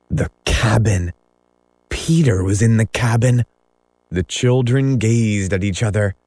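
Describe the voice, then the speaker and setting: A man narrating a classic story as an audiobook, measured and dramatic. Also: fairly low pitch, darkish tone, no room sound. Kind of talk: audiobook reading.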